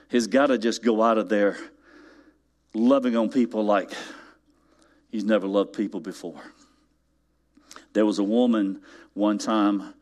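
A man preaching a sermon, slow and deliberate in places, with sudden rising emphasis on key words. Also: on the low side, darkish tone. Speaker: pastor.

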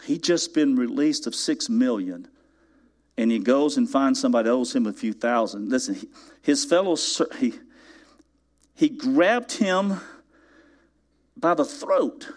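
A man delivering a sermon from the pulpit. He leans on key words slowly, then climbs sharply in pitch as his emphasis builds. His voice sits in a middle register between those peaks. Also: expressive. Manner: preaching with sudden rising emphasis. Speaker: pastor.

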